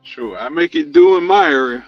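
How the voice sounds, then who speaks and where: A man who also drives deliveries, chatting casually in relaxed, boastful banter. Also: mid-range voice, moderate pace, dry recording, highs cut off, soft background music. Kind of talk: casual chat.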